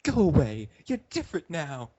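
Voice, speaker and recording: Lively man reading aloud. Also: fairly high pitch, moderate pace, muffled recording. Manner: lively, reads several character voices. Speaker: co-reader.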